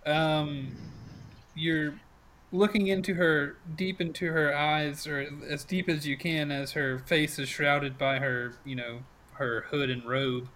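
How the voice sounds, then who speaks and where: A man's voice: on the high side, fairly even intonation, takes it slowly, fairly bright tone, rough recording. A man narrating as game master of a tabletop game, casual and full of fillers.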